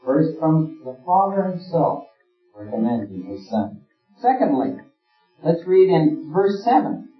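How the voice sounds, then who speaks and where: A man's voice: a little high, big pitch swings, a little slow. A man delivers an earnest sermon, pushing his emphasis up and down as he preaches. He sits far from the microphone in a roomy, echoing space. The recording is dull and lo-fi, with faint music underneath. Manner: earnest, rising and falling emphasis.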